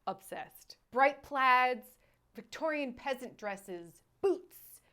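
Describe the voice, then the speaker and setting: High pitched woman host, animated and exasperated, casual film chat. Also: takes it slowly. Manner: animated, exasperated, restarts and trails off. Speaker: podcast host, film reviewer.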